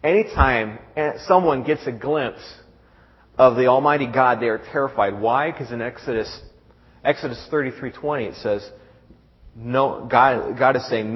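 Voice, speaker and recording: Halting preacher man in a reverberant hall. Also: mid-range voice. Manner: halting, repeats words, reads scripture aloud. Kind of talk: sermon. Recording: dull sound with long hall reverb.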